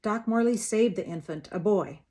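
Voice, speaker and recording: A woman voicing a gruff, hostile frontier sheriff who speaks with open contempt. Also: medium pitch, normal speed, dark tone, lightly acted. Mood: scornful. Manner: mocking, contemptuous, snarling.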